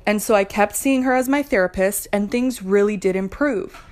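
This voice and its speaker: A woman's voice: medium pitch, moderate pace, a little mellow. A young adult woman hosting a podcast, talking candidly and encouragingly about her own therapy, with light laughs. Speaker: podcast host. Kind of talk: personal mental health podcast talk.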